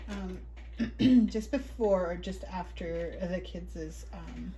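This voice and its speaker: A woman talks slowly and casually as she stitches and makes crafts, thinking aloud and clearing her throat now and then. A sewing machine runs at times, and a faint hiss sits under her voice. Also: lowish voice, warm tone. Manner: chatty, thinks aloud while working, frequent throat clearing. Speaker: craft vlogger. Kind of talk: casual craft tutorial chat.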